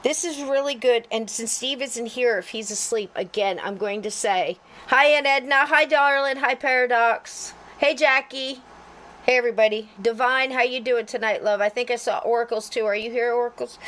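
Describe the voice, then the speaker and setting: A woman's voice: fairly high pitch, normal speed, poor audio. A chatty woman hosting a casual livestream, joking with her chat and greeting viewers by name. She mutters to herself while she fights with her computer. Faint noise sits underneath her voice. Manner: chatty, talks to herself while fumbling with tech; folksy and jokey, greets viewers warmly by name. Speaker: podcast co-host.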